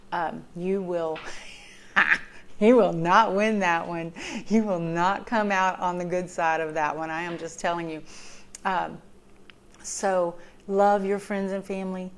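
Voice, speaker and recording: A woman in a heartfelt personal talk, sharing advice in an earnest, emotional way, with many ums and repeated phrases for emphasis. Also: on the low side. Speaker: vlogger sharing recovery advice.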